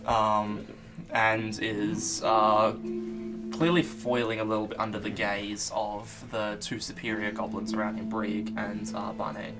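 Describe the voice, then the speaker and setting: A man narrating as game master in a tabletop game, talking haltingly with many fillers and restarts. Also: lowish voice, completely flat delivery. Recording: music playing behind.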